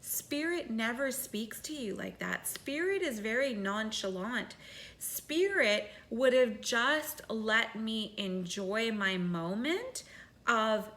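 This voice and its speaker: A woman's voice: fairly high pitch, lively intonation, slow, a bit bright. A woman telling a personal spiritual story in a candid, casual monologue, swearing freely as she talks. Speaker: spiritual vlogger.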